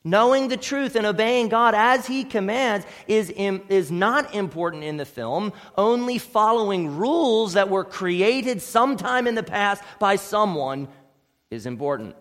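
Emphatic high-voiced preacher man. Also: expressive, measured pace. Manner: emphatic, swings between loud and soft. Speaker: pastor. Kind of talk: sermon. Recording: long hall reverb.

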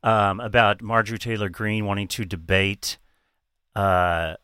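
A man's voice: fairly low pitch, steady tone, a little slow, pushed and bright, smooth, no echo. A man co-hosting a casual political talk show, blunt and profane, with rambling asides. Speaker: podcast co-host.

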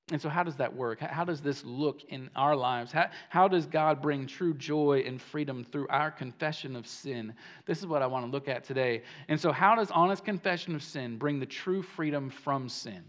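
A man preaching a sermon as pastor, animated and emphatic, often repeating words as he starts a phrase. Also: on the high side. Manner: animated preaching, swings between hushed and emphatic.

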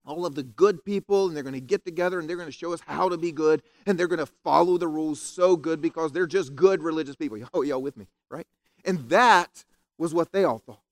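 A man preaching a conversational, animated sermon from a church stage. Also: high-pitched. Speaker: pastor. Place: church sanctuary.

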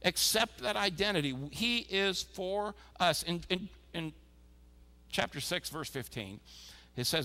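A male pastor preaching a sermon, emphatic and energetic, often repeating his points. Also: sits high, measured pace. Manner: energetic, emphatic exhortation with repetition.

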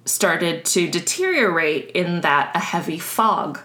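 A woman's voice: fairly low pitch, expressive, takes it slowly, pushed and bright. A woman co-hosting a podcast, telling a story in a casual, chatty way and laughing often. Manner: chatty, laughs often, restarts while explaining. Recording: roomy echo.

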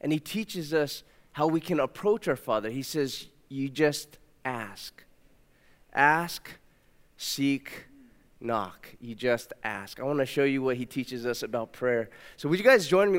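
A pastor in his thirties giving a sermon in a church, telling a family story warmly and moving into prayer. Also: animated, normal speed, clean tone. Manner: warm storytelling, puts on a high toddler voice for his daughter. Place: church sanctuary. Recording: long reverb of a church hall.

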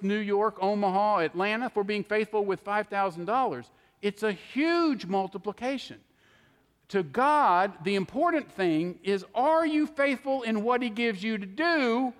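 A man's voice: sits high, a bit bright. A man preaching a sermon in an emphatic way, acting out the voices he quotes. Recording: long hall reverb.

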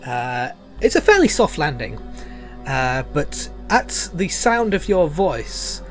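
A man running a tabletop game as game master, narrating in a halting way with many fillers. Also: on the high side, big pitch swings, faint music behind. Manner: halting, full of fillers and chuckles.

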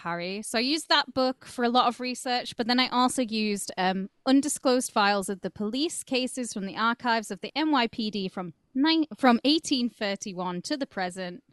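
A woman co-hosting a true-crime podcast talks in an easy, joking way as she reads quotes aloud. Her pitch sits in the middle for a woman. The sound is dry and close, with no room echo. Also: clear, resonant tone. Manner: chatty, jokey storyteller, reads quotes aloud. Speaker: podcast co-host.

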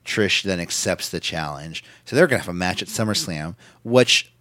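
A man's voice: low-pitched, lively intonation, normal speed, fairly bright tone, dry recording. A man co-hosting a casual podcast, recapping wrestling in a loose, profane way and acting out quotes in silly voices. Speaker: podcast co-host.

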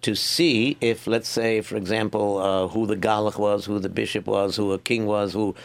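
A man's voice: lowish voice, normal speed, creaky. A man, a rabbi and voice impressionist, talking animatedly as a guest on a radio show. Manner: animated, explains his voice work. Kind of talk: casual radio chat.

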